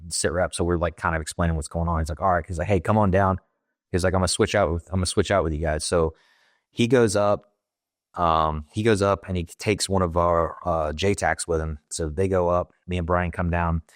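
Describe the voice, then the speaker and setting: A man, a former Marine, recounting events in casual conversation, halting and plain, with many fillers and quoted lines. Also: low voice, steady tone, no room sound, clean studio sound.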